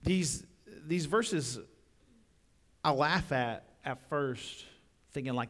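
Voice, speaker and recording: A young adult man preaching a sermon in a church, talking conversationally, repeating words and swelling louder on key points. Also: on the high side, slow. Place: church sanctuary. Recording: long reverb of a church hall.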